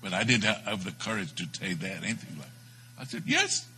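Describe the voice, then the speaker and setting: A man preaching a sermon, telling a story with dramatic swings between loud bursts and hushed moments. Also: low voice, fairly quick, background noise.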